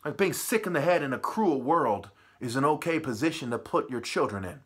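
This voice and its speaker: A man in a profane, preachy ranting monologue, swinging from muttering to shouting. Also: a little high, lively intonation, fairly quick, husky. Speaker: vlogger.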